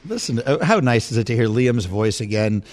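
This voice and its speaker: A man hosting a sports talk radio show, chatting casually, teasing his guests and laughing easily. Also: mid-range voice. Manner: animated, quick to laugh and tease.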